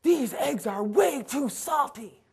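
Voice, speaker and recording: A woman's voice: sits high, animated, slow, creaky, a little mellow, breathy edge, voice pushed up, full character voice. A woman voicing an older man with dementia who complains mildly about his breakfast, in a caregiving lesson. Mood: complaining.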